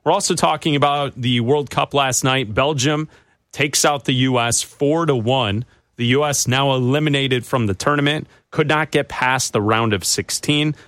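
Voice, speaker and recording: A man's voice: mid-range voice, moderate pace, fairly bright tone, dry recording, clean studio sound. A man hosting a sports talk radio show, debating with his co-host and taking callers. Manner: conversational, takes callers.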